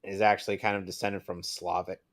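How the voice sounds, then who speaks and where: A man's voice: low voice, flat delivery, brisk. A man co-hosting a casual movie chat, blunt and opinionated, swearing casually. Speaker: podcast co-host.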